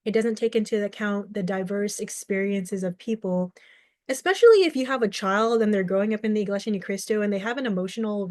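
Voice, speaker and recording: A woman's voice: medium pitch, a little mellow, dry recording, studio quality. A young adult woman, a mental health advocate, giving earnest, reflective video commentary and explaining her view with everyday examples. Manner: acts out short quoted exchanges.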